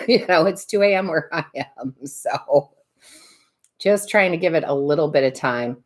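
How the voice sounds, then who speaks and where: A woman's voice: deep voice, moderate pace. A woman hosting a live tarot stream, chatting casually, laughing often and greeting viewers by name.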